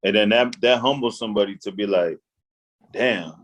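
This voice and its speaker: A man co-hosting a podcast, talking in a relaxed, loose way as he recounts a story. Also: lowish voice, quick pace. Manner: relaxed, loose, stumbles and restarts. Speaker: podcast co-host. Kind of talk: casual chat.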